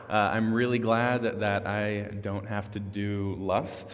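A man's voice: on the low side, steady tone, slow. A young man giving a casual youth sermon as a youth pastor, chatty and self-deprecating, chuckling between thoughts. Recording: long reverb of a large hall.

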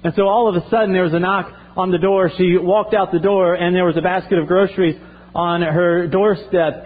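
A man's voice: sits high, steady tone, moderate pace. Earnest male pastor preaching. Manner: earnest, repeats himself, restarts phrases. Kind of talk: sermon. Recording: tinny phone-like sound.

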